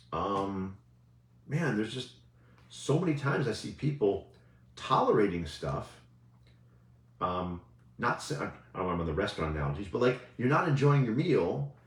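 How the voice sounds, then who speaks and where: Animated low-voiced man in a roomy space. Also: vocal fry. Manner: conversational, keeps asking "right?". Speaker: coach. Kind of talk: casual motivational talk. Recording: roomy echo.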